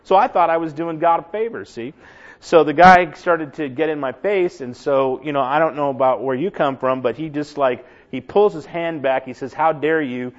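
A middle-aged man giving a humorous personal testimony to a congregation, a lively, self-deprecating storyteller who gets animated as he goes. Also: a little high, normal speed, highs cut off. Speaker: church member giving testimony.

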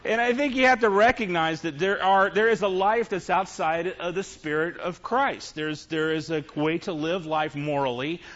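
A man's voice: high voice, moderate pace, hardly any pauses, a bit bright. A middle-aged man giving a sermon, telling funny, confessional stories to his congregation. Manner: humorous, confessional storytelling to a congregation. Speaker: preacher. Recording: dull lo-fi recording.

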